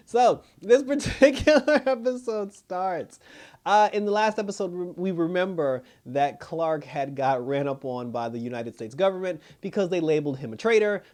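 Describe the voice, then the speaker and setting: A man recapping a TV episode in casual talk, laughing often and acting out the characters' lines in a lower voice. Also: a little mellow. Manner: loose storytelling, laughing often, acting out quotes. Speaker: show reviewer.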